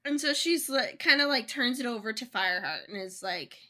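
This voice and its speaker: A young woman co-hosting a casual book podcast, retelling a story in a chatty way with quick voiced asides. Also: on the high side, animated, pushed and bright. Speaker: podcast co-host.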